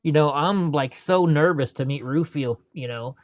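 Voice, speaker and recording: A man speaking as an interview guest, relaxed and rambling as he tells long stories. He keeps dropping "you know" between thoughts. The sound is dry and close, with no room echo. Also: a little high, moderate pace. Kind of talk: casual storytelling interview.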